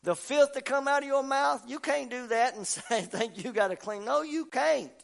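A man preaching a fervent sermon, swinging between quiet talk and shouting. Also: very high voice, normal speed, vocal fry. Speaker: pastor.

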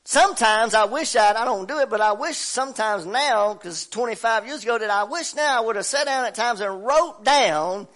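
High, bright-voiced fervent male preacher. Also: lively intonation, moderate pace, hardly any pauses. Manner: fervent preaching, swinging from shouts to low asides; call-and-response with the congregation. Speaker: pastor. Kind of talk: sermon. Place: church service.

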